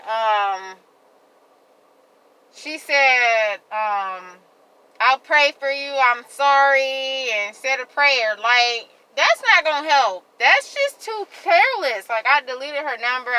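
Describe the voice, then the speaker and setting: A woman vlogger venting to her viewers in a heated, rambling rant, repeating herself and filling every pause with "like.". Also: on the high side, bright, forceful tone, clean tone, poor audio. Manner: heated, repetitive rant full of "like". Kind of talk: venting monologue to camera.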